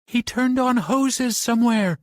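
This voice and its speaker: A man voicing a terrified boy trapped in a flooding box, crying out high and panicked. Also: unhurried, no echo, clean studio sound.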